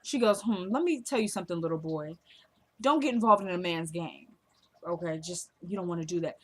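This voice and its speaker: A woman's voice: lowish voice, brisk, breathy edge. Chatty woman recapping a TV episode. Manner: retells scenes acting out both characters' lines; animated and chatty, addresses viewers as y'all. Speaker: TV show reviewer. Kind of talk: casual recap vlog.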